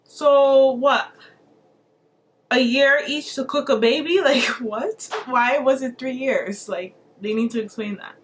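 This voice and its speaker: A woman hosting a reaction video, commenting in a playful, sassy and animated way. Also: sits high, takes it slowly, background noise.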